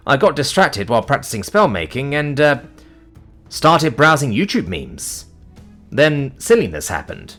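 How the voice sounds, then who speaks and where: A man's voice: mid-range voice, very animated, a little slow, a bit bright, faint music behind, voice pushed up. A man voicing a sheepish young male wizard who rambles through nervous apologies.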